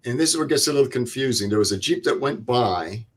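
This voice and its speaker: A man's voice: medium pitch, expressive. Older man telling a war story. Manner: plain vivid retelling with quoted dialogue and pauses. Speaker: veteran guest. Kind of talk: interview storytelling.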